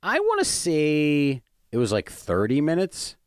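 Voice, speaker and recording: A man's voice: a little high, huge pitch swings, measured pace, clear, resonant tone, no echo, clean studio sound. A man who is a stand-up comedian, telling a story in casual chat, rambling with lots of fillers and restarts.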